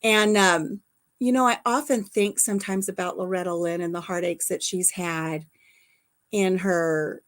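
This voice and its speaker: An older woman hosting a casual livestream chat, telling stories warmly and laughing often. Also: on the low side, steady tone, a little slow. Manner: chatty storyteller, laughs often. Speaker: livestream host.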